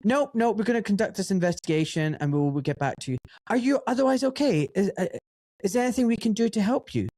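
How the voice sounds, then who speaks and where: Man doing a smooth, overly courteous male hospital director, pitched way up, dry sound. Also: animated, quick pace, a little mellow, dry recording. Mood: falsely caring.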